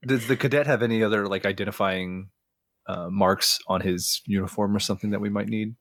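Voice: deep voice, fairly even intonation, fairly quick, fairly bright tone. A player in a tabletop role-playing game, asking questions and chatting in an amused way. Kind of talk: casual tabletop game play.

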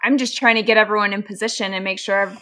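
A woman's voice: mid-range voice, fairly even intonation, fast, bright, forceful tone. A woman playing a tabletop role-play, speaking hesitantly and a little flustered. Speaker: player. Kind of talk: casual tabletop game play.

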